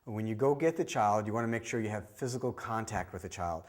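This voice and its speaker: A man's voice: lowish voice, animated, quick pace. A man, a hearing specialist, teaching a workshop with a practical demonstration. He talks directly and repeats his key points. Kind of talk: instructional demonstration.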